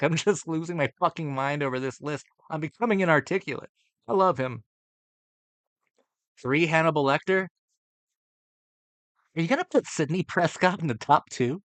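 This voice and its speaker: A man's voice: fairly high pitch, a bit bright, clear, resonant tone, no room sound. A man reacting to a horror movie ranking list, ranting with profane, exasperated sarcasm.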